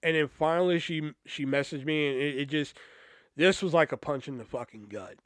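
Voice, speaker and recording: A man's voice: a little high, moderate pace, no echo, studio quality. A young man hosting a podcast, telling a personal story in a casual, profane, rambling way with frequent restarts. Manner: profane, rambling, lots of restarts and "you know". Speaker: podcast host.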